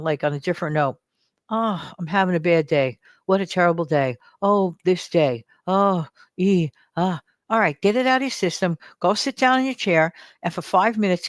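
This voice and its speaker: A woman's voice: fairly low pitch, dry recording. An older woman hosting a casual advice vlog, talking in a chatty, encouraging way and now and then acting out whiny voices. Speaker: host.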